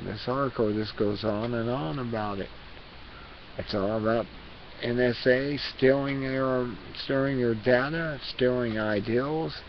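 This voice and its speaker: A man vlogger reading an article aloud, halting and repeating words as he goes. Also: medium pitch, creaky. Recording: dull lo-fi recording with hiss.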